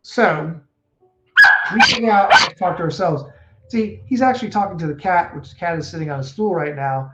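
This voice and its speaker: A man coaching casually on stress and breathing, animated and acting out quoted speech. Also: fairly high pitch, moderate pace. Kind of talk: casual advice talk. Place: home room with a puppy. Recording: echoey room, dull sound, faint noise.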